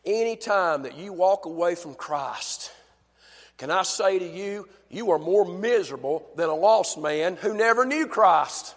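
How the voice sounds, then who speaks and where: A male preacher delivering a fervent sermon in a church, dropping to a hush and then building to shouts with repeated phrases. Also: high-pitched, animated, unhurried, long reverb tail.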